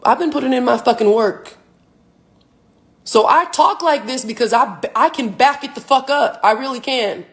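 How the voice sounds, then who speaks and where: A young woman in her twenties with a high voice holds forth on a phone livestream. She rants in a profane, emphatic, preachy way, a professional athlete airing her grievances. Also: normal speed. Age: 20s. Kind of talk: livestream rant.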